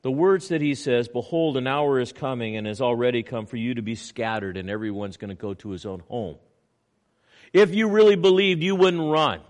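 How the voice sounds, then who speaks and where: A man preaching a sermon, animated, acting out little scenes in quoted voices. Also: normal speed. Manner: animated preaching with swings in pitch and loudness. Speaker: pastor.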